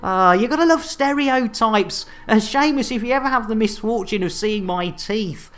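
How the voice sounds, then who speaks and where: A woman's voice: a little high, normal speed. A British woman hosting a gaming livestream, chatting and joking with her audience and laughing often as she goes. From United Kingdom. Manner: jokey and chatty, laughs often, repeats catchphrases. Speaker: game streamer host. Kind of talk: casual gaming livestream chat.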